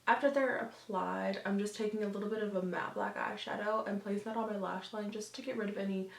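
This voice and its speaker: A woman's voice: mid-range voice, fairly even intonation, quick pace, gravelly, echoey room. A woman in her twenties, a beauty vlogger, chatting casually through a makeup tutorial with lots of fillers. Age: 20s. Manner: chatty, filler-heavy, upbeat.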